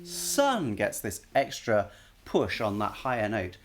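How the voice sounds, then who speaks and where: A man's voice: fairly low pitch, big pitch swings, a little slow, slight background noise. A man analyzing a song on a live stream, casually singing short bits of melody to show the notes and often stopping to correct himself.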